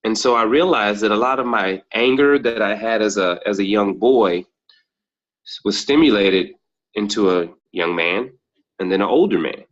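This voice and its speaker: A man with a fairly low voice speaks as a podcast guest, recalling personal moments in a thoughtful, reflective way. He slips into the voices of the people he quotes. The recording sounds dull and lo-fi. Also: moderate pace. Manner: thoughtful, acts out quoted dialogue.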